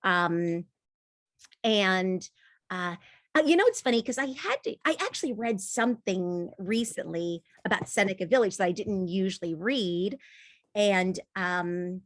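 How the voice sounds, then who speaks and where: A woman's voice: mid-range voice, a little slow, no echo, clean studio sound. A woman author talking in an interview, thoughtful and laughing often, with frequent restarts. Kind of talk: conversational interview.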